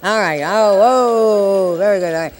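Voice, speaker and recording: A woman's voice: medium pitch, a little slow, darkish tone. A woman in her sixties, a veteran nurse educator, giving a live exam-prep lecture full of joking, chatty asides to the class. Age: 60s.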